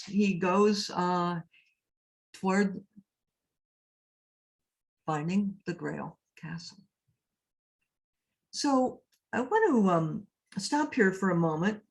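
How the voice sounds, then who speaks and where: A woman priest speaks to a gathering in an easygoing lecture style. She takes her time, letting each thought settle. Her voice sits at an ordinary pitch for a woman, and she often stops to ask her listeners questions as she tells a story. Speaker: priest and labyrinth teacher giving a talk. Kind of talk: conversational lecture. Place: cathedral speaker event.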